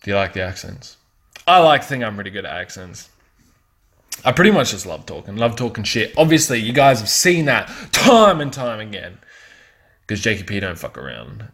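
A man's voice: on the low side, big pitch swings, moderate pace, fairly bright tone. A man in his twenties hosting a casual solo podcast, rambling and profane. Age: 20s. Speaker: podcast host.

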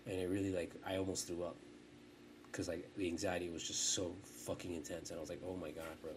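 A man in his forties with a somewhat low voice, talking loosely on a podcast. He rambles from thought to thought, swears freely and restarts his sentences. Behind him there is a faint hiss of noise. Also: flat delivery, fairly quick. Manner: profane, rambling, self-interrupting. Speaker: podcast host. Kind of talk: casual rambling chat.

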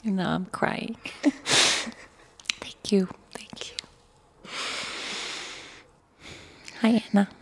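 Gentle woman host with vocal fry. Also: medium pitch, steady tone, drawn-out words, long pauses, in a whisper. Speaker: podcast host. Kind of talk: guiding a group sharing circle.

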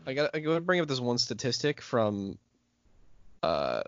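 A man's voice: mid-range voice, big pitch swings, moderate pace. A man on a casual podcast, making wry quips. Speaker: podcast co-host. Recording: dry, dull lo-fi sound.

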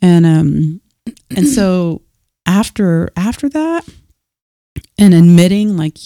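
Lively storytelling woman, low mellow voice. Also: measured pace, no echo, clean studio sound. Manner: animated storyteller, acts out quoted dialogue; restarts and filler words. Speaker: podcast guest. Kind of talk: casual faith chat.

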